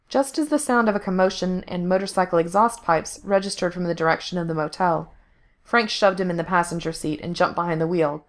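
A woman narrating a story aloud in a steady, even reading. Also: lowish voice. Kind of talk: fan fiction reading.

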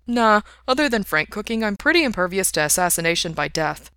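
A woman voicing a steady, solemn young man with an even delivery. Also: medium pitch, a little fast, smooth, no room sound, studio quality. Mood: sincere.

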